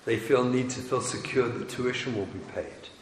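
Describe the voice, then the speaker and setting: A man's voice: medium pitch, moderate pace. A man, a rabbi, lecturing parents in an emphatic, wry, teasing way. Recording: echoey hall with faint noise.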